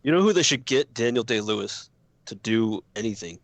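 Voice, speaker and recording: A man's voice: on the low side, lively intonation, brisk, no echo. A man co-hosting a podcast, rambling casually, swearing and joking. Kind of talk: casual chat.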